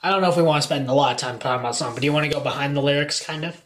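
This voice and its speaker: A man's voice: on the high side, rapid-fire. A teenage boy co-hosting a casual podcast, joking around and then saying he's only kidding. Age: teens. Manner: joking, often takes back his jabs. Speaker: podcast co-host. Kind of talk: casual chat.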